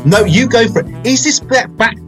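A man's voice: very high voice, normal speed, over loud music, rough recording. A man in his forties hosting a podcast, chatting about films in a rambling, self-mocking way. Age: 40s. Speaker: podcast host. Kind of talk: casual film chat.

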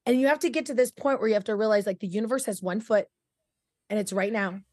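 With a mid-range, slightly mellow voice, a woman co-hosts a podcast, talking fast in a candid, rambling conversation and acting out her inner voice. The clean studio sound has no room noise.

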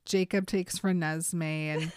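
A woman's voice: fairly low pitch, fairly even intonation, a little slow, a little mellow, dry recording. A woman casually recapping a book, acting out the characters' lines as she goes.

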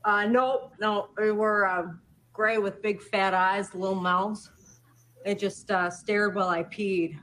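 An actress playing a crude, unbothered woman describing an alien abduction in a flat, folksy way. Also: mid-range voice, takes it slowly, a little hiss or hum, low-quality recording. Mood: deadpan, blunt. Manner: deadpan storytelling with folksy slang. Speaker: alien abductee being questioned. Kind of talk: sketch comedy acting.

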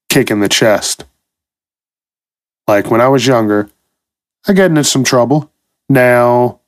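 A man's voice: medium pitch, no room sound, studio quality. A man hosting a comedy podcast, delivering a profane, exasperated solo rant. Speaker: podcast host.

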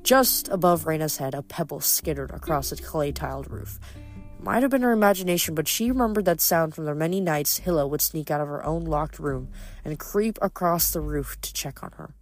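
Brief: an even, measured narrator reading a novel aloud over quiet music. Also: medium pitch. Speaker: reader. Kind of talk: audiobook reading.

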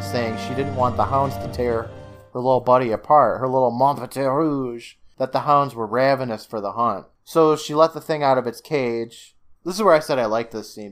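A man co-hosting a podcast, recapping a TV episode in casual chat, cursing freely, laughing often and acting out lines. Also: mid-range voice. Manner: swears freely, laughs often, acts out quotes. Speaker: podcast co-host.

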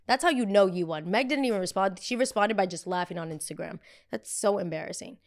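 A woman's voice: medium pitch, fast. A woman hosting a show, chatting casually about pop culture in a blunt, gossipy and profane way, often going off on tangents. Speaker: host.

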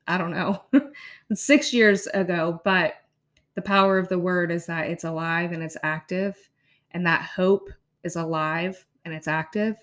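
A podcast host in her thirties chats casually, laughing softly as she reads her own blog aloud. Her voice is fairly low and her delivery unhurried.

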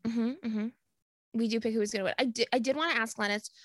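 A woman's voice: a little high, fairly even intonation, quick pace, no room sound. Giggly comedian woman, dry close sound. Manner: giggly, acts out quotes in bursts. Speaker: comedian guest. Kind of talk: casual podcast chat.

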